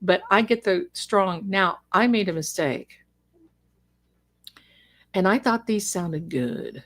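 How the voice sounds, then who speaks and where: A woman's voice: mid-range voice, slow pace. A middle-aged woman who grew up in Germany, chatting casually and rambling as she answers viewers during a livestream. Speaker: livestream host.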